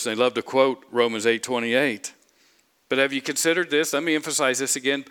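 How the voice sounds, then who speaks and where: A man's voice: mid-range voice, sharp tone. A man preaching a sermon, emphatic, repeating phrases and asking the congregation rhetorical questions. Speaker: pastor.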